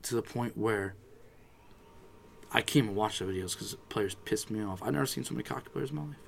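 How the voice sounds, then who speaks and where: A man's voice: fairly low pitch, a little fast, vocal fry, slight background noise. A man co-hosting a casual sports podcast, ranting with plenty of profanity and frustration. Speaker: podcast co-host.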